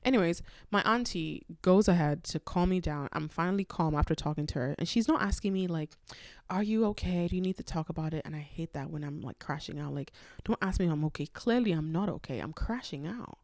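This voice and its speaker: Congested young woman, low dry voice. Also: brisk, hardly any pauses, no room sound. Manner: animated, rambling, self-aware storytelling. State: congested from a cold. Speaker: podcast host. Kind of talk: solo podcast storytelling.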